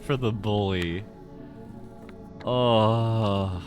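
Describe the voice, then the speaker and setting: A man's voice: on the low side, animated, unhurried, soft background music. A man streaming a game, rambling and joking with his chat in casual commentary. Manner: rambling, jokey, talks to chat.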